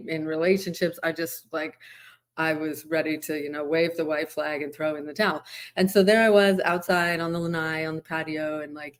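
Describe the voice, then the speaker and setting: A middle-aged woman hosting a podcast, telling a personal story in a candid, reflective, conversational way, with many fillers along the way. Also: low-pitched. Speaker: podcast host. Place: lives in Hawaii.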